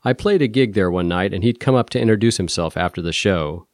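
A man narrating a first-person audiobook in a steady, measured storytelling voice. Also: low-pitched, no echo, clean studio sound.

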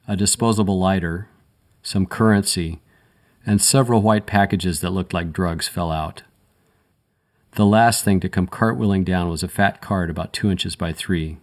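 Very deep-voiced male crime narrator. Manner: measured, dry, matter-of-fact. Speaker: audiobook narrator. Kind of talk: first-person crime fiction narration.

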